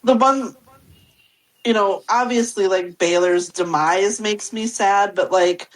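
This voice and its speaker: A woman's voice: mid-range voice, takes it slowly, poor audio. A woman co-hosting a podcast, talking casually and rambling with many fillers. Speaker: podcast co-host. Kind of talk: casual chat.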